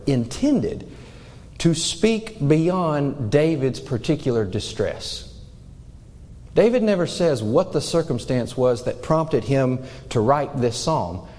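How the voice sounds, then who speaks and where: Male pastor, earnest sermon delivery with a mellow tone, church hall reverb. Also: mid-range voice. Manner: earnest, questioning the congregation directly. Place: church sanctuary.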